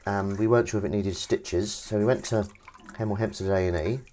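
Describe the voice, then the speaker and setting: Over the sound of running water and clinking dishes, plus slight background noise, a man with a lowish, darkish voice speaks briskly with fairly even intonation. He's doing chores on a live stream, rambling, chatting, and teasing the people watching.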